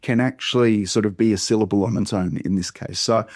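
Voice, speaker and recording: A man with an Australian accent, a pastor teaching how to read hard biblical names aloud, sounding each one out slowly and deliberately. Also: on the low side, steady tone, darkish tone, dry recording, studio quality. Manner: slow, deliberate syllable-by-syllable modelling. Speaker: pastor teaching Bible reading. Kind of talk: workshop teaching pronunciation.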